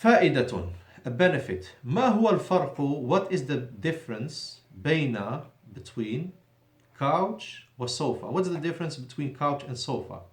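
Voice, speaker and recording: A male Arabic teacher leads a language lesson in a mosque, switching between Arabic and English and correcting himself as he goes. His fairly high voice swings widely in pitch, and he slows down to draw out key words with deliberate emphasis. The room is echoey.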